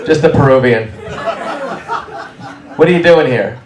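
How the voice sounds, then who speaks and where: A brash stand-up comedian in a small club, teasing the crowd with quick jabs. His voice is mid-pitched and heard from some distance in a roomy space. Loud laughter from the audience fills the gaps. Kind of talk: crowd work.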